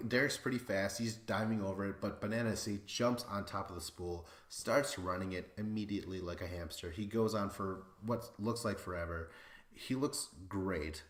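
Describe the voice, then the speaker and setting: Man, podcast host, casual rambling recap, excitable, swears freely, low voice. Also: roomy sound.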